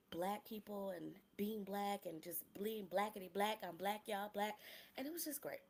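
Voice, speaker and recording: A woman's voice: mid-range voice, moderate pace. A woman in her thirties hosting a personal podcast, talking candidly and emotionally, close to tears at times, with casual slangy humor. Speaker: podcast host.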